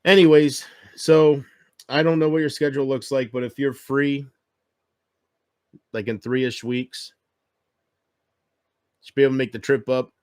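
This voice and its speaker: A man's voice: medium pitch, steady tone, unhurried, long pauses, darkish tone, dry recording, clean studio sound. A man chatting casually on his livestream, rambling and joking, with frequent swearing.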